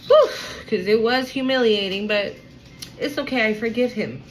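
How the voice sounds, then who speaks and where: A woman's voice: a little high, normal speed, a little hiss or hum, rough recording. A woman giving a casual tarot reading to an online audience, blunt, profane and emphatic. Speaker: tarot card reader.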